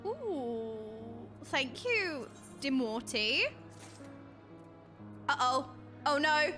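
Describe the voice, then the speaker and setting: Young woman streamer, high bright voice, expressive and exclamatory; relaxed pace over soft game music. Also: extremely slow. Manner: animated, exclaiming, reacting to the story. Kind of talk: casual live game commentary.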